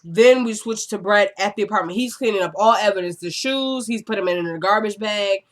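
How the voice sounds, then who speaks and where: Chatty woman recapping a TV episode. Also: medium pitch. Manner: chatty, acts out the characters' lines in quick quotes; exasperated asides.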